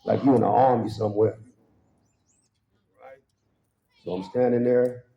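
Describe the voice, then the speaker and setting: Speaking in a creaky voice at a measured pace, a man gives a humorous testimony as a guest speaker at a church service, laughing along with his punchlines. He acts out quoted voices with abrupt high pitch jumps. The church hall recording is roomy and a bit dull.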